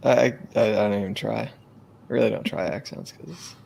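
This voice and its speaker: A man's voice: lowish voice, fairly even intonation, a little fast, gravelly, darkish tone, slight background noise. A man co-hosting a casual podcast chat, chiming in with short remarks and mild objections. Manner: brief interjections, mild objections. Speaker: podcast co-host.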